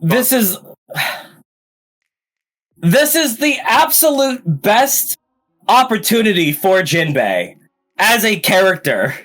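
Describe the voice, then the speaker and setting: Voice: mid-range voice, sing-song, takes it slowly, long pauses, fairly bright tone. A podcast co-host in casual chat, making incredulous, emphatic complaints. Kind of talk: casual chat about anime.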